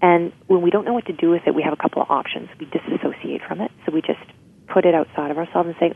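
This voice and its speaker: A woman's voice: on the low side, fast talker, gravelly, breathy edge. A woman guest explaining emotional healing in an interview, often checking in with "right?". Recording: tinny phone-like line.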